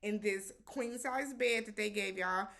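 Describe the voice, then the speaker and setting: A woman's voice: medium pitch, measured pace, a bit bright. A woman hosting a casual reality-show recap, talking animatedly, slipping into quoted voices and slang.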